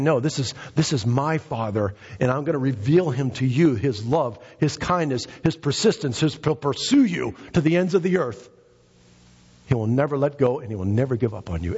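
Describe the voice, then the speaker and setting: A man's voice: medium pitch, darkish tone, husky, long reverb tail, lo-fi sound. A man preaching a sermon in a church, impassioned, his voice rising for emphasis. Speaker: pastor. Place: church sanctuary.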